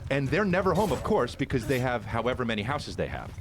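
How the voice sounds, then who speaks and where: A man's voice: mid-range voice, quick pace. A man who is a comedian, chatting casually and telling a story with lots of swearing. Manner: animated storytelling, swearing freely. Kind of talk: casual chat.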